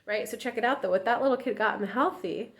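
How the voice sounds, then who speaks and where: A woman relationship coach in her thirties talking casually to viewers, candid and lively, acting out quoted voices. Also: quick pace. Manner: candid, acts out quoted voices in a higher pitch.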